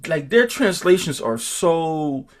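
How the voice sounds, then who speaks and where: A man teaching an informal group class, talking slowly and thinking aloud, with many restarts and repeated words. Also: fairly high pitch, expressive. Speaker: teacher of a Hebrew roots class.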